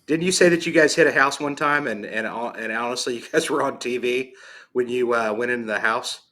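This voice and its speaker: A man's voice: medium pitch, brisk, bright, forceful tone. A man hosting an interview, asking frank questions in a chatty, casual way. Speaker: podcast host.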